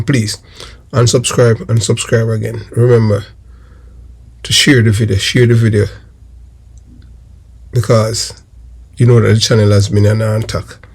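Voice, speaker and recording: Jamaican guy with a gravelly voice, hosting his channel, rambly, lots of you know and um. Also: fairly low pitch, dark tone. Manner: rambling, repeats phrases, many fillers. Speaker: YouTube channel host. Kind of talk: casual crime commentary.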